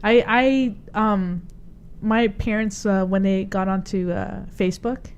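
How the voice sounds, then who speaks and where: A woman's voice: medium pitch, steady tone, measured pace, clear, resonant tone, muffled recording. A woman hosting a podcast in a radio studio, a chatty storyteller who laughs often. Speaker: podcast host. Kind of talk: casual chat.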